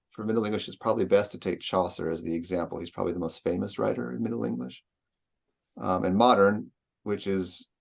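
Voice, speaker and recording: A man's voice: low voice, creaky, darkish tone. A man lecturing patiently on poetry, sounding out rhythms aloud as he explains.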